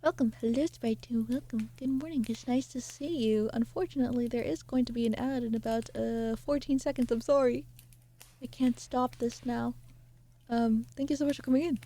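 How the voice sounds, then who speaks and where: A woman's voice: fairly high pitch, fairly even intonation, moderate pace, mellow. A young woman streamer reading a novel aloud and chatting with her viewers, with rambling, apologetic asides.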